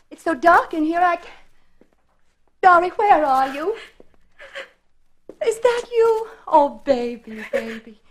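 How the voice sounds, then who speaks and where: A tender, anxious mother in a 1950s radio drama. Her voice swings widely in pitch as she soothes her child, often falling to soft whispers. A faint noise sits underneath.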